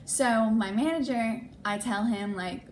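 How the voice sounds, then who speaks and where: A woman's voice: fairly high pitch, a little slow, slight background noise. A young adult woman vlogger telling a personal story in a casual way, acting out what people said and often saying "like". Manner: animated, acts out quoted dialogue, frequent "like".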